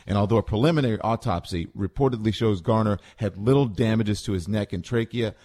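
A man with a very low voice delivers news commentary on morning radio. He speaks deliberately and bluntly, laying out the facts before his opinion. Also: mellow.

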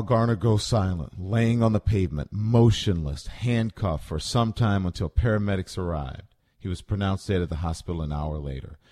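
Deep-voiced man giving blunt radio commentary. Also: darkish tone. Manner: deliberate and blunt.

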